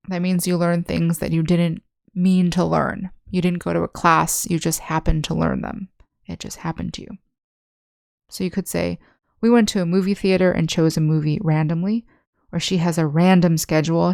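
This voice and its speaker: In an online language lesson, a young English teacher patiently walks learners through vocabulary, explaining slowly with one example at a time. Her voice is a little low, smooth, and resonant, with a darkish tone and a touch of fry. The sound is close and dry, with no echo or room around it.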